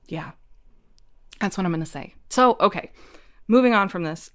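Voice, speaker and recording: A woman's voice: medium pitch, expressive, normal speed, fairly bright tone. A woman in her forties, a podcast guest, telling a personal story openly and reflectively, laughing often. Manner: reflective and open, with frequent laughter. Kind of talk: candid personal storytelling in a conversation.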